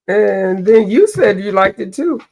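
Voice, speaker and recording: With a mellow, mid-range voice, a livestream host colors and chats casually. Allergies leave her a bit stuffy as she rambles and tries to recall names.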